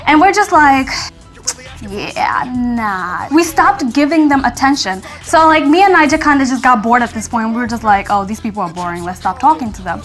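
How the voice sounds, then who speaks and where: Young woman, high voice, chatty storytime, acts out quotes, faint music behind. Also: animated, moderate pace, fairly bright tone. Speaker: YouTuber telling a story. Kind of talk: casual storytime.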